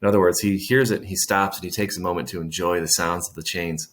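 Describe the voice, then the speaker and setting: A man's voice: low-pitched, steady tone, fast, fairly bright tone. A man reading a classic short story aloud, stopping to explain old words in plain terms and adding dry asides. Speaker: reader.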